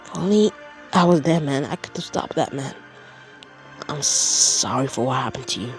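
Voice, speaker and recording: A man's voice: mid-range voice, expressive, moderate pace, soft background music, lightly acted. A man doing a loyal teenage best friend. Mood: consoling. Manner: earnest, repeats "man".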